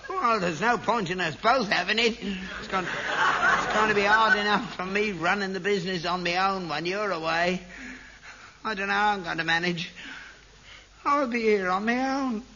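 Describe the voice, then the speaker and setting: A man's voice: sits high, moderate pace, pushed and bright. An actor playing a cantankerous, selfish old father in an old radio sitcom, grumbling and cackling. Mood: self-pitying. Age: older. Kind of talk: 1960s radio sitcom acting. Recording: dull old broadcast recording with hiss.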